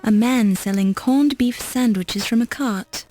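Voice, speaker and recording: A woman doing a wry game narrator with a mellow, warm tone and a slightly raised pitch, describing objects in a dry, matter-of-fact way. Faint music plays underneath. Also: a little slow, close to an everyday voice.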